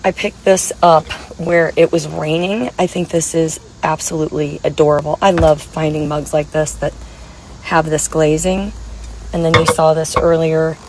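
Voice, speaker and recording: A woman's voice: sits low, little pitch movement, moderate pace, low-quality recording. A woman vlogging casually from a hotel room, chatting with enthusiasm about her vintage finds. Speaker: home decor vlogger. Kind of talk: casual vlog chat. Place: hotel room, sitting in bed. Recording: faint background noise.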